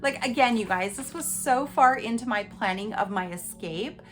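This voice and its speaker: A woman hosting a podcast, telling a personal story in an animated, emphatic way and talking straight to her listeners. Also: a little high, normal speed. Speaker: podcast host.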